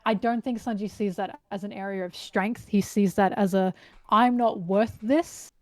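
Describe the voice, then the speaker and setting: A woman in casual podcast chat, animated and analytical, eagerly retelling and explaining scenes. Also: mid-range voice, a little fast, dry recording. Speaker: guest.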